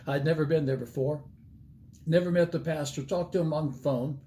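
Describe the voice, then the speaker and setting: A man's voice: on the high side, fairly even intonation, brisk, dark tone. An older man, an evangelist, telling a folksy story in a sermon and acting out the dialogue with animation.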